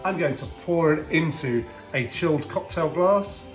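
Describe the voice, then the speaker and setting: A man's voice: on the high side, measured pace. A man hosting a casual home cocktail demo, talking in a chatty, rambling way with joking asides to a friend. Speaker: home cocktail video host. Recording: roomy echo, faint music.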